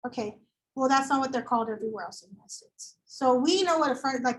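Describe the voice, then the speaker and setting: A woman teaching a high school English lecture, chatty and animated, acting out quoted voices as she explains. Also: quick pace, a little hiss or hum, rough recording. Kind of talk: classroom lecture.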